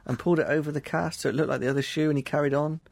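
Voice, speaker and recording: A man's voice: fairly even intonation, very fast, gravelly, no echo. A young man co-hosting a podcast in casual, jokey chat. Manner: jokey, playful, bursts into high put-on voices. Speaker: podcast co-host.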